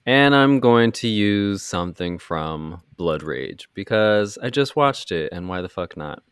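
A low-voiced man hosting a podcast. He recaps a film in loose, animated chat, sarcastic and swearing freely. His voice sounds dry and close. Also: unhurried, smooth, no room sound. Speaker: podcast host. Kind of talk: casual movie recap chat.

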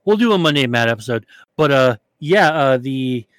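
A man's voice: medium pitch, lively intonation, normal speed, a bit bright, dry recording. A man co-hosting a podcast in casual chat, rambling and swearing with many fillers and restarts. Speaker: podcast co-host.

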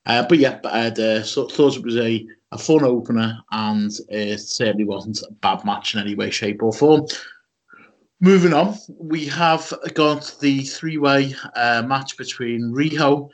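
A man's voice: medium pitch, measured pace, few pauses. A man with a Scouse accent co-hosting a podcast, talking casually with many ums and restarts. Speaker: podcast co-host. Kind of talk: casual chat.

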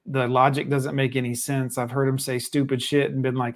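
A man's voice: mid-range voice, level tone, normal speed, few pauses. A man hosting a live stream, reacting bluntly and profanely to a clip and greeting viewers. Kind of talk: casual live stream commentary.

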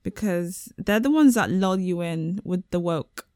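A woman's voice: on the low side, a little slow, no room sound, clean studio sound. Joking woman co-hosting a chat show. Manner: joking, animated banter. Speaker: podcast co-host. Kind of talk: casual chat.

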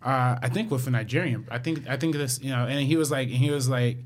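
A man co-hosting a casual film review chat, talking haltingly with many fillers and restarts. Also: mid-range voice. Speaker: film podcast co-host.

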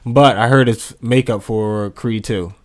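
A man with a mid-pitched voice banters in a relaxed, slang-heavy way. He laughs easily and teases his co-host as the talk rolls along. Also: a crowd in the background. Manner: laid-back, slangy, quick to laugh and tease. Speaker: podcast co-host. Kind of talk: casual chat.

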